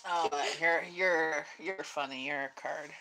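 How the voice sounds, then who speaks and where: A woman hosts a relaxed home livestream, easygoing and gently directing the person beside her. Her voice sits on the lower side for a woman. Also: measured pace, a little hiss or hum, poor audio. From Canada. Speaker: host of a livestream chat. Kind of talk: casual chat.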